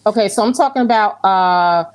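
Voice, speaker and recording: A woman's voice: medium pitch, fairly quick, crowd noise, low-quality recording. A woman reading tarot, giving a psychic reading in a reassuring way and repeating phrases for emphasis. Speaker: tarot reader.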